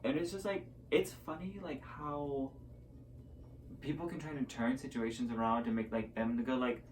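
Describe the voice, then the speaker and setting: A man's voice: medium pitch, steady tone, moderate pace, recorded from a distance, a little hiss or hum, low-quality recording. A young man telling a story to a camera at home in a rambling, casual way, full of fillers, and acting out both sides of each conversation. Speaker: vlogger.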